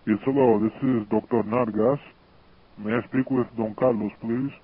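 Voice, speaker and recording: A man putting on the voice of a polite, soft-spoken male doctor in a prank phone call. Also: medium pitch, fairly even intonation, moderate pace, husky, pitched below the performer's own voice, close to an everyday voice. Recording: tinny phone line.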